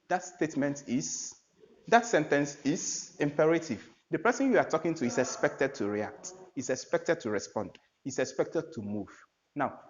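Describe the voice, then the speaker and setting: A man giving an English grammar lesson, explaining point by point and restating each idea several times. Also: medium pitch. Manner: explains by repeating and rephrasing, reads out example sentences. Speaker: English teacher. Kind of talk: classroom lecture. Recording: dull lo-fi sound.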